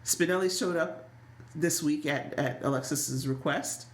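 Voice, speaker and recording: Woman co-host, lowish voice, chatty recapper, roomy echoey sound. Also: unhurried. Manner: chatty, recaps scenes, laughs easily. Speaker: podcast co-host. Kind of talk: casual chat about a soap opera.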